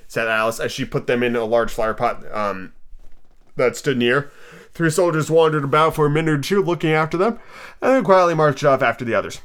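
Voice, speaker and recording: A man's voice: medium pitch, fast talker, a bit bright. A man casually reading a children's classic aloud on his podcast, stumbling over words and restarting lines. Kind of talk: casual storybook read-aloud.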